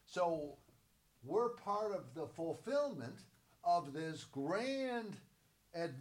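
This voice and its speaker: Guy teaching bible passages, talks slow, repeats words for emphasis, asks and answers his own questions. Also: on the high side, big pitch swings.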